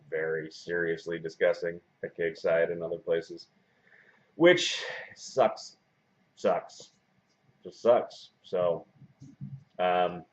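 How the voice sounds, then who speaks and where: A man in his forties with a very deep voice chats loosely to his camera, drifting through fillers and restarts in a flat, self-described monotone. The audio comes off dull and lo-fi, as if picked up by the camera's own mic. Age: 40s. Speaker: wrestling blogger and video host. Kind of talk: casual video blog chat.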